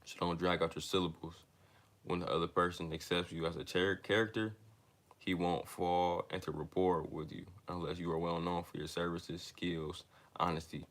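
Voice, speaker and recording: Sitting low in pitch with little movement and a fairly bright tone, a young man's voice stumbles through a self-help book. He restarts words as he reads and speaks casually to his listeners along the way.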